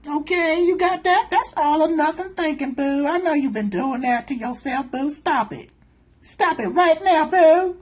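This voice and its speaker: Very high-voiced sassy woman. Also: unhurried, poor audio. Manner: sassy, calls the listener honey and boo, laughs often. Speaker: channel host. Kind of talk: casual commentary reading from a self-help book.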